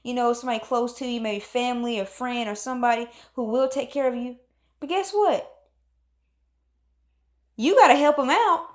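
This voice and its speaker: A woman's voice: fairly high pitch, moderate pace, pauses often. A woman giving a motivational pep talk, emphatic and preachy, repeating phrases for stress. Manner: calls on God in exclamations. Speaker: motivational speaker.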